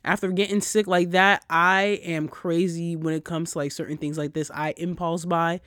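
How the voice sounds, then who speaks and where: A man's voice: fairly high pitch, normal speed, no room sound, clean studio sound. A man hosting a casual solo podcast, ranting and telling stories with lots of swearing while he gets over a cold. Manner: profane, animated storyteller. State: recovering from a cold. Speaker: podcast host.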